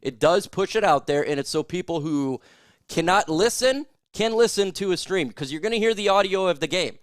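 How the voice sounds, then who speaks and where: A man hosting a casual sports live stream, chatting with viewers and whooping loudly over super chats. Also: high-pitched, animated, moderate pace, dry recording, clean studio sound. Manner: loud, hype-driven, shouting whoops at super chats.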